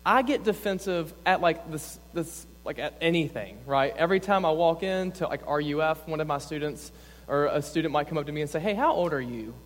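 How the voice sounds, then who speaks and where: Young guy pastor giving a sermon, kinda high voice, casual and earnest, long church echo. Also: fairly quick. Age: young adult. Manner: earnest, conversational, peppered with "like". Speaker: campus pastor. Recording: long reverb in a church hall.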